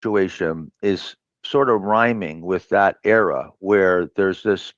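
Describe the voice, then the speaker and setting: A man being interviewed as a trader, thinking aloud in a measured way with fillers and restarts. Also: low-pitched, dry recording. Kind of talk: reflective interview talk. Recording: dull lo-fi clip played back.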